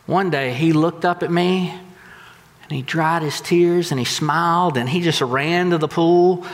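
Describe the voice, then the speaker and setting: Long hall reverb fills this recording of a pastor delivering a sermon. His voice is fairly high and measured, and he narrates stories with animation, acting out quotes as he goes.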